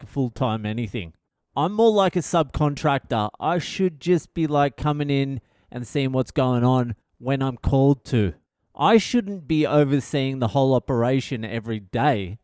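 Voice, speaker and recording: A man hosts his own podcast, riffing alone through profane, rambling comic stories. His voice is smooth and resonant. It is recorded dry and close, with no room sound. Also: mid-range voice, darkish tone, no echo. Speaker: podcast host. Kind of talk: casual solo monologue.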